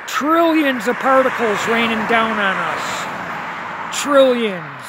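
Speaking slowly in a very high, sing-song voice, a man vlogs outdoors at night on his handheld phone camera. He talks to viewers insistently, says things over again and trips on restarts, while background noise runs underneath.

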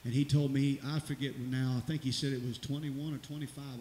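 A man's voice: mid-range voice, little pitch movement, a little fast, few pauses. A middle-aged man, a pastor giving rambling, folksy church announcements and exhortation in a church sanctuary. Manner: folksy, rambling, preacherly, rising to loud exclamations. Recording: echoey church hall with hiss.

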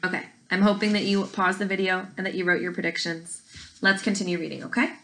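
Woman teacher, online lesson, friendly, encouraging, bright tone. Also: medium pitch, flat delivery, fast talker, low-quality recording. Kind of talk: reading aloud to students.

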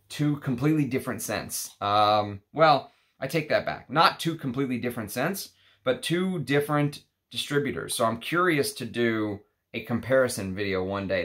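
A man's voice: medium pitch, fairly bright tone. A man with a Texas accent hosting a casual perfume unboxing vlog, rambling and talking to the bottles. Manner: slow, rambling, talks to the bottles. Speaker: perfume channel host.

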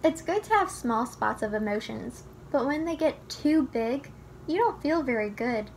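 High-voiced woman reading a storybook. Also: lively intonation, moderate pace, a little hiss or hum. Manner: gentle, teaching tone, speaks to the child listener. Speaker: children's book reader. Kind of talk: storybook read-aloud.

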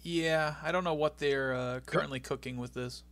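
His voice leans high and a bit bright, with a steady tone and moderate pace. This young man is co-hosting a laid-back podcast, excitedly going over a wrestling match and chuckling along the way.

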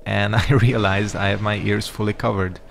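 A man's voice: on the low side, level tone, normal speed, creaky, a little hiss or hum. A man giving casual let's-play commentary, rambling and reacting to the game with frequent swearing. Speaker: gaming YouTuber.

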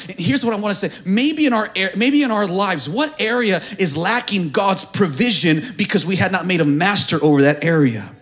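A male pastor preaching at a church service, swinging from hushed, near-whispered lines to shouted, sing-song climaxes. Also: high-pitched, expressive, a little fast, few pauses. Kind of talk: sermon.

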